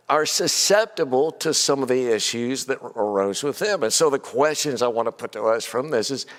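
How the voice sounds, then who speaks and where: A man's voice: mid-range voice, a bit bright. Man teaching a Bible class in a reverberant church. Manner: conversational, asks many rhetorical questions, frequent "you know". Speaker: preacher. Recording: long hall reverb.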